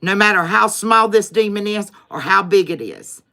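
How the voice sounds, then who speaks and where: A woman's voice: medium pitch, normal speed, pushed and bright. A woman closing a tarot livestream in an emphatic, repetitive, preacher-like way. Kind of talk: spiritual livestream sign-off.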